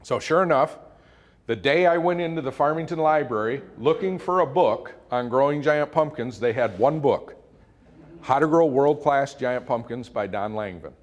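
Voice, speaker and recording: Middle-aged Midwestern speaker, folksy storyteller, mid-pitched, motivational talk to a club audience. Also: male voice, moderate pace. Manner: folksy, quotes his kids in animated voices.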